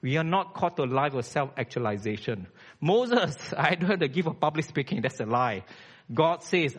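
A man's voice: fairly high pitch, very animated, moderate pace, fairly bright tone, husky. A man, preaching a blunt, emphatic sermon as a church elder.

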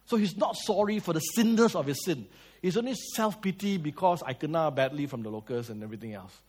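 A man preaches. His voice sits a little high for a man. He tells lively stories, swings between loud and soft, and asks his listeners questions. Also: a little fast, husky. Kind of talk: sermon.

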